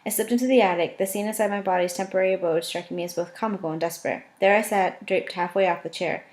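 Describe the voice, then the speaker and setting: A woman's voice: medium pitch, steady tone, fast, a little mellow. Woman casually reading a novel aloud. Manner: casual, with slips, self-corrections and laughs. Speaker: audiobook reader. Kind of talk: first-person novel narration.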